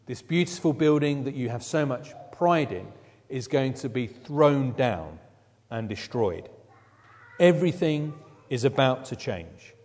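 A man's voice: medium pitch, lively intonation, unhurried, a little mellow. Man preaching in a reverberant hall. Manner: expository Bible teaching, emphatic. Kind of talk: sermon.

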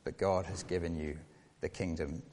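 A man preaching a sermon, earnest, with repeated rhetorical questions and shifts between hushed and emphatic delivery. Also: sits low, steady tone, normal speed. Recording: long reverb of a large hall.

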